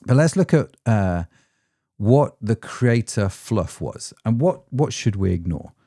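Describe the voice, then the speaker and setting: A man's voice: lowish voice, very animated, takes it slowly, mellow, dry recording, clean studio sound. A man hosting a solo podcast as an ecommerce founder, chatty and self-deprecating, with frequent rhetorical tag questions.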